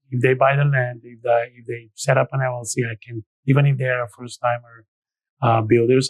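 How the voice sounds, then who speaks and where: A middle-aged man talks as a guest expert in a podcast interview, at an ordinary middle pitch. He lays things out step by step and often restarts his sentences. The recording is dry and close, with no room sound. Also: darkish tone, no room sound, poor audio. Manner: explains step by step with frequent restarts.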